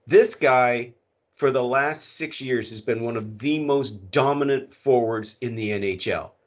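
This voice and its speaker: A middle-aged man rants through a casual sports podcast, swearing freely and hammering his points home. His pitch sits mid-range, and the recording is a little muffled and lo-fi. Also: measured pace. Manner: ranting, profane, emphatic. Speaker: podcast co-host. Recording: muffled lo-fi sound.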